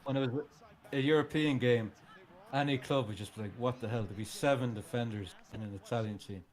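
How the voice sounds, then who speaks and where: A man's voice: medium pitch, a little fast, darkish tone. A man co-hosting a live watch-along stream, chatting casually and profanely about football and its history. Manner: chatty and profane, tells old football stories. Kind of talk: casual banter and football chat.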